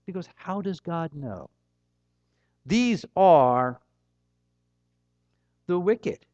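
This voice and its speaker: A man's voice: high-pitched, lively intonation, slow, long pauses, no echo. A middle-aged man preaching a sermon, earnest and emphatic, with a rising and falling delivery. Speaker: pastor. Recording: dull, slightly muffled dry recording.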